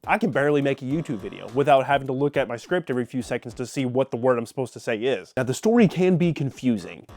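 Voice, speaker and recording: A man's voice: mid-range voice, lively intonation, fast talker, a little mellow. A man giving a casual, jokey game review, rambling and cutting himself off. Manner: rambling, jokey, self-interrupting.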